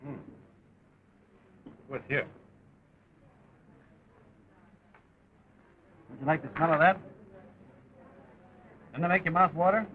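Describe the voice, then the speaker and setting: An actor in a 1930 film playing a brash young soldier on leave, speaking in a breezy, teasing way with hesitant filler sounds. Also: male voice, fairly high pitch, moderate pace, slight background noise, lightly acted. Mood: playful. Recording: muffled early sound-film audio.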